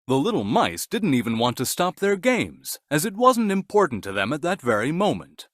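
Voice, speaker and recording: A man narrating a scripted children's bedtime story in an animated, gentle storytelling manner. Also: on the high side, normal speed, few pauses, no echo, studio quality.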